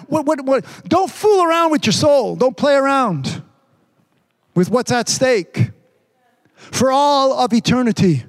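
Male preacher, very high voice, emphatic delivery studded with hallelujahs. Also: animated. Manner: emphatic, repeats phrases, frequent hallelujahs; stretches words out slowly for emphasis. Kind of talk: sermon.

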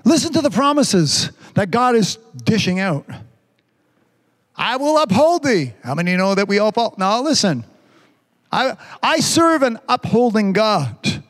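A man preaching a sermon, reading scripture slowly and stretching the words, with frequent amens. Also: high voice, very animated, a bit bright, in a large hall. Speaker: pastor.

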